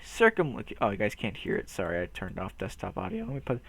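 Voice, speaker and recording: Animated, goofy young man rambling. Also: on the low side, fast talker, gravelly, husky. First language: English. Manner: goofy, self-mocking, stumbles over words. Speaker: video host. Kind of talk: casual rambling commentary.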